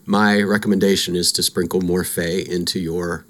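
A man co-hosting a podcast in casual chat, with a groggy morning voice, often chiming in with quick agreement. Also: sits low, level tone. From Illinois, USA. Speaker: podcast co-host.

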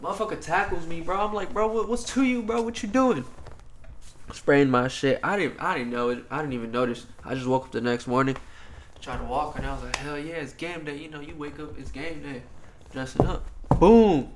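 A young college athlete in casual chat, telling stories in a laid-back, slangy way with plenty of swearing. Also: male voice, a little high, a little fast, slight background noise. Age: young adult.

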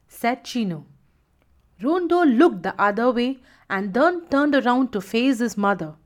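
Expressive woman narrating a storybook. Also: fairly high pitch, unhurried. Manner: expressive, voices every character.

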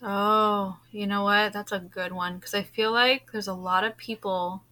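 A woman's voice: mid-range voice, fairly even intonation, a little slow, bright, forceful tone. A woman from California co-hosting a podcast in casual chat, laughing often. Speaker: podcast co-host. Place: home with kids nearby.

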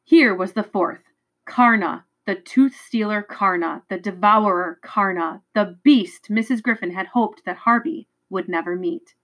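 A woman reads a novel chapter aloud in a mid-pitched voice. She is expressive and dramatic, with an occasional stumble over a word. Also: measured pace, rough recording. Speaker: reader.

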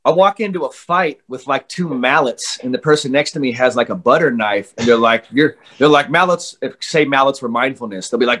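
A man's voice: mid-range voice, fairly quick, few pauses, fairly bright tone. A man in his forties, a mental skills coach, talking as an interview guest in swaggering, fired-up trash talk full of slang.

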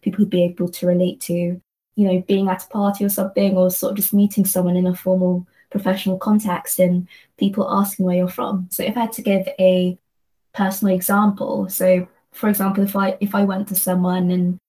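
Earnest woman, flat even voice. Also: on the low side, brisk, low-quality recording. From London, England. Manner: earnest, thinking aloud with frequent restarts. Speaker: guest, company associate. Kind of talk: reflective conversational discussion.

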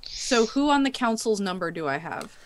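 A woman's voice: mid-range voice, sing-song, moderate pace, a little hiss or hum. A woman playing a tabletop game, who speaks in a plain, matter-of-fact way. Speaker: player.

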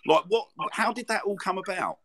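A man hosting an interview, asking questions with halting restarts and fillers. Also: high voice, lively intonation, a bit bright, no echo. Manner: halting, stumbling over question openings. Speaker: podcast host. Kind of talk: casual interview chat.

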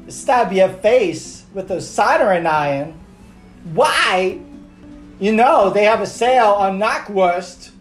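An eerie, clipped older actor, as a man puts him on, breaking his sentences in odd places with flat, deadpan menace. He pitches a bit higher than his own voice, and faint guitar music plays behind. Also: heavily acted. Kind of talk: comedic celebrity impression.

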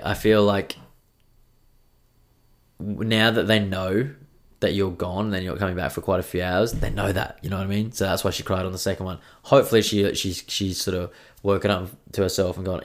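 A young man hosting a casual solo podcast, joking and swearing freely as he chats. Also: sits low. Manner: swears freely, jokey and self-mocking. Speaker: podcast host.

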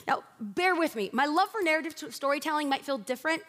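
Animated woman preacher, high voice. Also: quick pace. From Mexican and Puerto Rican family. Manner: animated, humorous storytelling. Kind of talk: sermon. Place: church stage. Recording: long reverb of a large hall.

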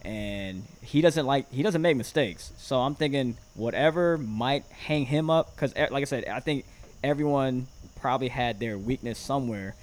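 A man's voice: mid-range voice, normal speed. Man telling stories with lots of fillers. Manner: rambling storytelling with many fillers and laughs. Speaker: guest, former reality competition contestant. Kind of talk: casual podcast chat.

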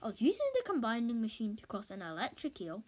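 Woman reading a goofy curly-haired young man, cheerful and offhand, slightly high. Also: huge pitch swings, fast talker, husky, full character voice.

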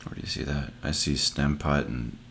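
A man's voice: a bass voice, steady tone, normal speed, vocal fry, fairly bright tone, a little hiss or hum. A man in casual chat, laid-back with dry remarks.

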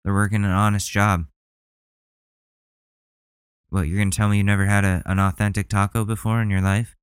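A man's voice: fairly low pitch, flat delivery, brisk, clear, resonant tone, no echo. A man hosting a casual reaction commentary, talking in an indignant, profane, rambling way. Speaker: commentary host.

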